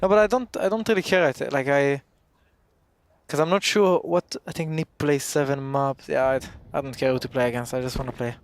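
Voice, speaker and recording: A man from Israel, a pro player chatting casually on an esports desk, halting and amused as he tells stories. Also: medium pitch. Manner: halting, self-correcting, amused storyteller.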